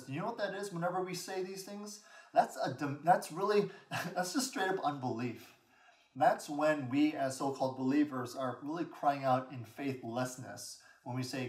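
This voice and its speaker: A man's voice: a little high, moderate pace. Echoey male pastor preaching. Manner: earnest, rising emphasis on repeated phrases. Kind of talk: sermon. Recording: echoey room, mic at a distance.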